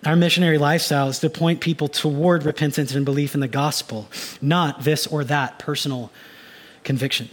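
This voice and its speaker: A man preaching a sermon as a pastor, animated and given to acting out little mock inner voices. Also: on the high side, brisk.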